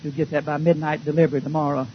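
An older man preaching a folksy, joking sermon, swinging between loud outbursts and low mutters. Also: little pitch movement, very fast, muffled recording, a little hiss or hum.

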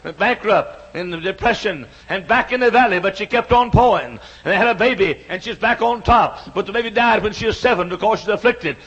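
Preaching a sermon at a brisk clip with hardly any pauses, a man in his sixties uses a high, husky voice and hammers his points through rhythmic repetition that builds into shouts. The recording sounds dull and lo-fi.

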